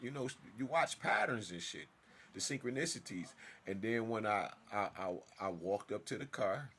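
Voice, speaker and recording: A man telling a personal story in a casual monologue, emphatic and swinging from loud outbursts to hushed asides. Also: fairly low pitch, animated, normal speed, creaky, slight background noise. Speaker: storyteller vlogger.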